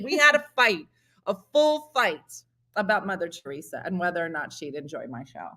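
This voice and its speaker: A middle-aged woman hosting a comedy morning show, telling funny stories and acting out the dialogue with big jumps in her voice. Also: moderate pace. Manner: animated, acts out dialogue with big pitch jumps. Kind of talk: comedic storytelling chat.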